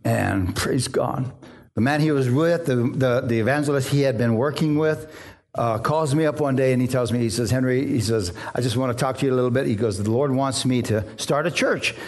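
A man's voice: mid-range voice, a little fast. A middle-aged male pastor preaching a sermon, telling stories with acted-out voices and often asking the crowd for an amen. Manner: lively storytelling, acts out voices, asks "amen?".

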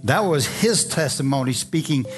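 A man's voice: fairly high pitch, animated, normal speed, music in the background. A man preaching a live sermon to a congregation, fervent and repetitive, often calling out to the crowd for an amen. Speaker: pastor. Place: church service before a congregation.

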